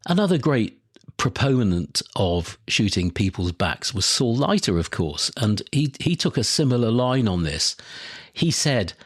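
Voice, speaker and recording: A man's voice: mid-range voice, very animated, measured pace, husky, no echo, clean studio sound. A man hosting a podcast, talking through listener questions in an opinionated, conversational way. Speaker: podcast host. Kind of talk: solo podcast talk.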